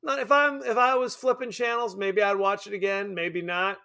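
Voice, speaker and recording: A man co-hosting a podcast, chatting casually about a film in an animated, joking, self-deprecating way. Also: sits high, moderate pace, gravelly, clear, resonant tone. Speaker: podcast co-host. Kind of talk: casual film review chat.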